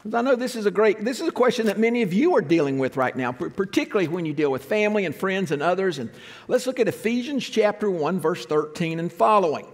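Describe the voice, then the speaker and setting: A man's voice: sits high, animated, fast. A man preaching a sermon from the pulpit, explaining and asking the congregation questions. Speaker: pastor. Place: church sanctuary. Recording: long church reverb.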